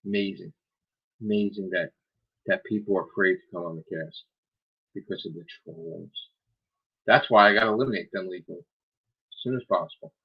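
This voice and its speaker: Gravelly, husky man in an angry rant. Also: sits low, moderate pace, long pauses, dull audio. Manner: heated, profane, scolding. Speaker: streamer hosting his own cast. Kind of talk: angry live-stream rant.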